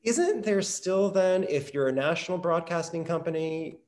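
A man's voice: a little high, expressive, normal speed, darkish tone. A man hosting a conversational interview, rambling and correcting himself as he talks. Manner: rambling, self-correcting, laughs easily. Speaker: interview host and theatre teacher.

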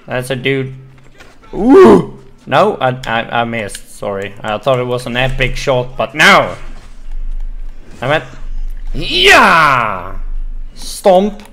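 A man hosting a gaming video, excitably commentating his play with frequent swearing and exclamations. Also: medium pitch, slow, long pauses. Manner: excitable, swearing, exclaiming and laughing while playing. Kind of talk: casual let's-play commentary.

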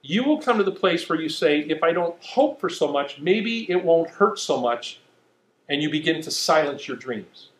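A middle-aged man preaching a sermon, telling stories in an animated, self-mocking way. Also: fairly high pitch, normal speed, echoey room, low-quality recording. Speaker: pastor.

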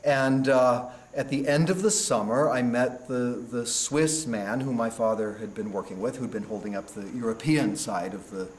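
A man from California with an American accent tells his stories at an easy, reflective pace, circling back and trailing off as he thinks. His voice sits in a middle pitch. The recording carries a roomy echo and a faint background noise. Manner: unhurried, with frequent restarts and trailing off. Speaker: stage actor being interviewed. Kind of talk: reflective storytelling interview.

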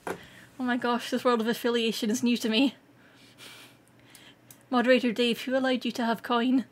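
A Scottish woman streaming live, chatting casually with viewers, excitable and quick to laugh. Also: fairly high pitch, slight background noise. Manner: excitable and giggly, laughs often. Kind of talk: casual livestream chat.

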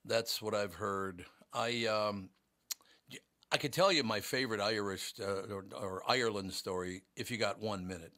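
A man's voice: fairly low pitch, moderate pace, sharp tone, no room sound, clean studio sound. A man hosting a radio show in a casual, joking, rambling way.

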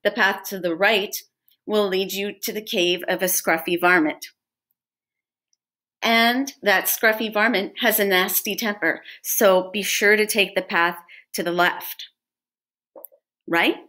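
A woman reading a storybook aloud to children at an unhurried, careful pace. She narrates in a medium-pitched voice and stops now and then to ask her listeners questions. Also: steady tone, pushed and bright.

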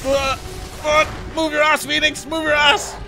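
An Irish man commentating as he plays a shooter game, excitable and swearing freely, often yelling at enemies. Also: extremely high pitch, a little slow, soft background music. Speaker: streamer. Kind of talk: gameplay commentary.

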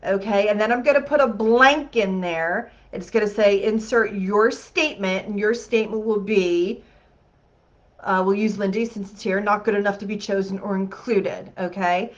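A woman's voice: medium pitch, moderate pace, highs cut off. A woman hosting a healing masterclass. She talks the group through an exercise in an upbeat, chatty way and often checks in with "okay?".

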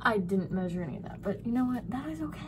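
A young woman talks casually to the camera, rambling from one thing to the next and tossing in dry little jokes. Her voice sits at an ordinary middle pitch. There is a steady hiss of noise under the whole recording. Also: quick pace. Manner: chatty and rambling, jokey asides. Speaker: vlogger. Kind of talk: casual vlog chat. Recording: noisy handheld home recording.

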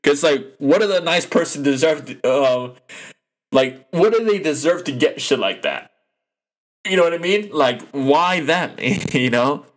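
A man hosting a casual solo podcast, rambling loosely with lots of fillers, restarts and swearing, and getting animated when he is indignant. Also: a little high, measured pace. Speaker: podcast host.

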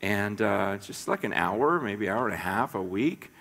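A middle-aged man from the United States preaching a sermon, telling stories in an animated way and repeating words as he goes. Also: on the low side, normal speed, gravelly. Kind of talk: sermon storytelling. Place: church sanctuary. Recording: echoey church hall.

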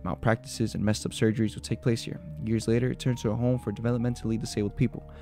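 Fast-talking gravelly man telling urban legends. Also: mid-range voice, little pitch movement. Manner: quick, mixes spooky retelling with joking asides. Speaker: video host. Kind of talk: reading urban legends and reacting. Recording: soft music behind the voice.

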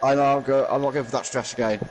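A man's voice: medium pitch, fairly even intonation, racing, slight background noise, low-quality recording. A man with a Liverpool accent chatting casually over a game, asking dry, teasing questions. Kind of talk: casual gaming chat.

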